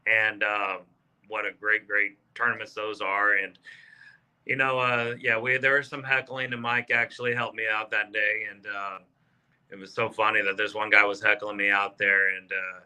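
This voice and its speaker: A man in his fifties from South Texas, a golfer guest telling stories in casual chat, animated and full of fillers, acting out quotes. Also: fairly low pitch, moderate pace, clean tone. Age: 50s. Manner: animated storyteller, acts out quotes, many fillers. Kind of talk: casual storytelling.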